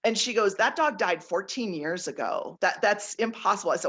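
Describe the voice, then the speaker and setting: A woman guest on a casual interview, telling personal stories in an animated way and laughing often. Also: mid-range voice, moderate pace, hardly any pauses. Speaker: guest author, nature intuitive.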